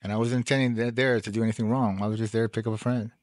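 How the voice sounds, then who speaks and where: A man's voice: on the low side, very fast, no echo. Rambling middle-aged man, dry sound. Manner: rambling, animated storytelling with laughs. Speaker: host. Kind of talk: casual monologue.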